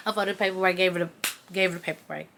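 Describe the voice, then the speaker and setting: A woman's voice: on the low side, steady tone, rapid-fire, creaky, a bit bright, slight background noise. A young adult woman telling a personal story in a casual, chatty way, talking straight to her viewers. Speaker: vlogger.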